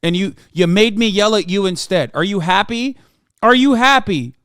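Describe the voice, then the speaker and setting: A man streaming live, ranting at his chat with heavy profanity and sudden bursts of yelling. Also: high voice, moderate pace, clean tone, no echo, clean studio sound.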